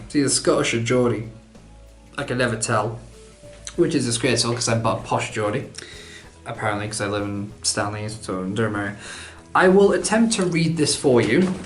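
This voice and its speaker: A man's voice: medium pitch, reverberant. A man, answering viewer questions in a casual vlog, chatty and rambling, poking fun at himself. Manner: chatty, rambling, self-deprecating.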